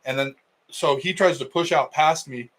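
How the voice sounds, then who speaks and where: A man's voice: a little high, moderate pace, a bit bright, low-quality recording. A middle-aged man, a wrestling coach co-hosting a podcast, telling a story in casual chat and acting out the quotes.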